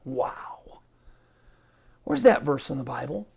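A woman's voice: mid-range voice, wildly swooping pitch, a little slow, gravelly, breathy edge. Indignant woman giving a Bible teaching. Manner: indignant, emphatic, repeats words for stress. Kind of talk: earnest online Bible teaching.

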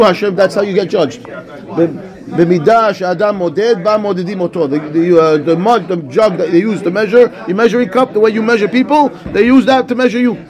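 A man teaching a Torah class as a rabbi, animated, acting out dialogue and reading Hebrew texts. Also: high-pitched.

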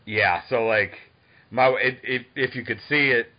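A man in his thirties from Boston hosting a podcast, talking in an eager, excitable, fan-like way. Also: mid-range voice, unhurried, highs cut off. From Boston, Massachusetts. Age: 30s. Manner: eager, excitable, self-described dork. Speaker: podcast host. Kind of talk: casual interview chat.

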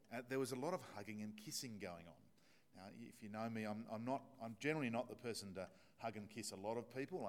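A man with an Australian accent, a pastor giving an evening sermon with a prayer, telling stories in a conversational, self-deprecating way with many fillers. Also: lowish voice. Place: church.

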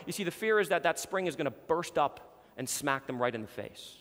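A man's voice: a little high, animated, brisk, a bit bright, in a large hall. A man preaching a sermon as pastor, emphatic and repeating words for stress.

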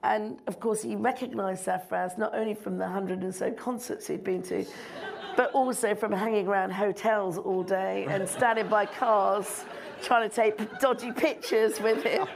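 Gravelly woman telling a lively story. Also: medium pitch, moderate pace, crowd noise. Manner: animated, laughs often, mimics people. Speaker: filmmaker guest. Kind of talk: anecdotal storytelling on stage.

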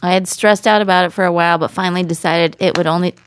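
A woman's voice: fairly low pitch, fairly even intonation, quick pace, clean tone. A woman co-hosting a casual podcast, reading listener emails aloud and breaking into laughing asides.

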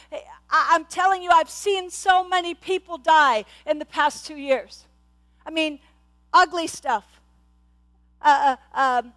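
High-voiced passionate woman preaching. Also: bright, forceful tone. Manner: passionate, repeats words, stammers on restarts. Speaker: pastor. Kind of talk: sermon.

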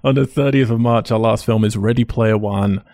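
A man's voice: on the low side, fairly even intonation, moderate pace, a little mellow, no echo, studio quality. A man hosting a podcast, chatting in a laid-back way, swearing casually and laughing often. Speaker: podcast host. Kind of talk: casual chat.

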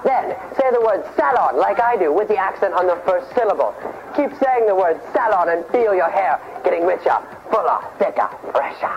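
A comic actor playing a smarmy male hair-product pitchman in an exaggerated commercial parody, on rough old TV audio. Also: lively intonation, moderate pace, lo-fi sound, a little hiss or hum. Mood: pitchy. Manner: exaggerated infomercial pitch, fake accent.

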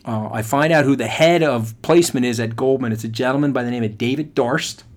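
Speaking briskly at medium pitch, a middle-aged man hosts a podcast. He tells a motivational story with animated emphasis, addressing listeners directly.

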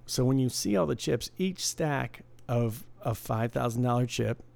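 A man's voice: medium pitch, animated, unhurried, gravelly, darkish tone. A man co-hosting a podcast, telling rambling stories in casual chat, with many restarts. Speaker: podcast co-host.

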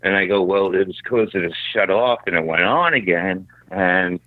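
A man telling a profane, animated rant in casual chat. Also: low-pitched, moderate pace, no room sound. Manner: profane, ranting, animated storyteller. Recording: tinny phone-like line, dry.

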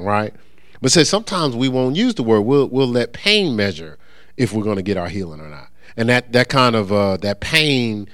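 A man's voice: lowish voice, a bit bright, no echo, studio quality. A man preaching a sermon, calling out to his congregation for answers and joking with them. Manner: call-and-response, asks congregation to answer; humorous, acts out quoted voices. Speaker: pastor. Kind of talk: interactive sermon teaching.

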